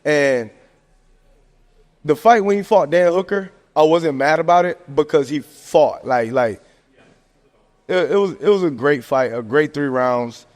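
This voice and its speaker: A man's voice: a little high, unhurried, pauses often. Slangy, ranting man in an echoey room. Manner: animated, slangy ranting with frequent fillers. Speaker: podcast host. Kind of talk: casual sports commentary. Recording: long echoing reverb.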